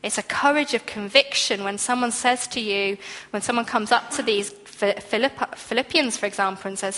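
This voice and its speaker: A woman's voice: on the high side, normal speed, a bit bright. Woman preaching in a reverberant hall. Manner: earnest, conversational, acts out quoted voices. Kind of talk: sermon.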